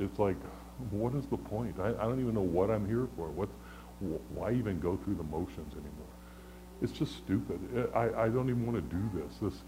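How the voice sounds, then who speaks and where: A man preaching a sermon in a conversational, earnest way, often stammering and restarting, moving between loud pleading and hushed lows. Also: slight background noise, rough recording. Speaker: pastor.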